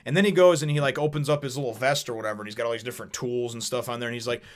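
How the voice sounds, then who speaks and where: A man's voice: mid-range voice, steady tone, very fast. A man casually reviewing a manga chapter in a vlog, rambling and chatty, with plenty of swearing.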